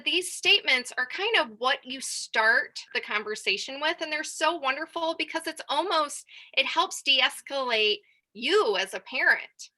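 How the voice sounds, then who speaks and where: A woman's voice: high-pitched, pushed and bright. A woman, a mother, giving a casual talk to parents, chatty with filler words. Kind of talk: casual presentation.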